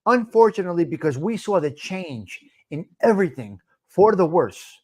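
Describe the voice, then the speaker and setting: Reflective male host with a higher voice. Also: big pitch swings, moderate pace. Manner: reflective, speaks from experience in repeated emphatic phrases. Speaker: podcast host. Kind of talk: casual talk show chat.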